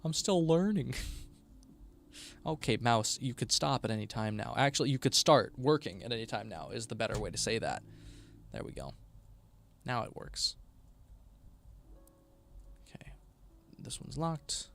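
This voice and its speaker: A man's voice: medium pitch, big pitch swings, measured pace, vocal fry, pauses often, slight background noise. A tired man chatting casually on a live stream while building a game, often mumbling to himself.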